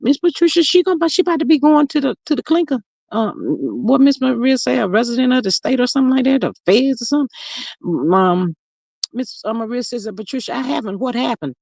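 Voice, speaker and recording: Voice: sits high, vocal fry, a little mellow, no echo. A livestream host chats casually and gossips while reading viewer comments aloud. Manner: gossipy and chatty, full of fillers and drawn-out asides. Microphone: streaming mic close up.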